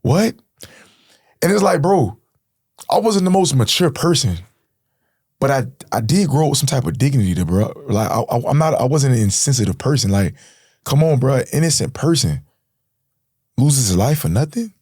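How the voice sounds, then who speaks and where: A man's voice: mid-range voice, animated, moderate pace, darkish tone, breathy edge, no echo, studio quality. Slangy man telling a raw story. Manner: slangy, street talk, says bro and man a lot. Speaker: podcast guest. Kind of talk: emotional storytelling.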